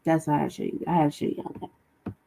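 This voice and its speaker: A woman's voice: low-pitched, a little fast, vocal fry, mellow, low-quality recording. A woman hosting a casual commentary vlog, ranting bluntly and profanely and laughing at what she has just played. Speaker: host.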